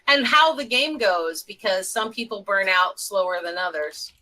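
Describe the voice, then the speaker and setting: A woman co-hosting a gaming podcast, talking in a relaxed, matter-of-fact way. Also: medium pitch, normal speed, low-quality recording. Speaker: podcast co-host. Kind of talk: casual chat.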